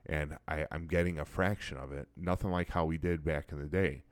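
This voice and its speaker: A man in his forties from the Chicago area, casually reminiscing about his college football days with an old teammate, animated and repeating phrases as he tells stories. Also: very deep voice, brisk, dry recording. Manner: animated storyteller, repeats phrases, many restarts. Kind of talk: casual chat.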